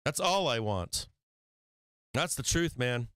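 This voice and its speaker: A man's voice: mid-range voice, lively intonation, takes it slowly, fairly bright tone, dry recording. A man hosting a stock trading livestream in casual chat, rambling and swearing freely, often breaking into laughter.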